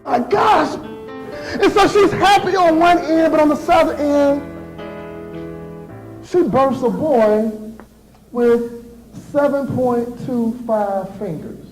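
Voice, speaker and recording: A man in his thirties giving a motivational speech to students, telling stories in an animated way and acting out voices and sound effects. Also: very high voice, slow pace, pauses often, faint music behind, rough recording. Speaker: motivational speaker. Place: school assembly.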